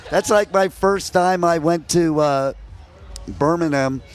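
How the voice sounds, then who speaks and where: An American man from New York and New Jersey, interviewing a band outdoors at a music festival in a chatty, joking way. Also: on the high side. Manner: chatty, jokey, laughs between stories.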